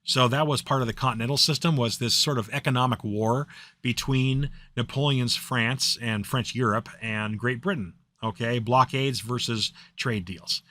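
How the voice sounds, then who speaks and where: A man's voice: medium pitch, normal speed, pushed and bright, no echo. A man giving a casual history lecture, chatty and loose, with lots of fillers and restarts. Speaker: history teacher.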